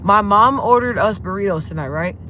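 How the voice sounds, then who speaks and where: A woman hosts a live stream from her phone while she is behind the wheel. She talks in a lively, expressive way, and her pitch shoots up without warning when she gets worked up. A soft hum of car noise sits under her voice. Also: fairly quick. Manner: animated, venting, with sudden jumps in pitch. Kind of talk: casual live-stream chat with viewers. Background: faint car noise.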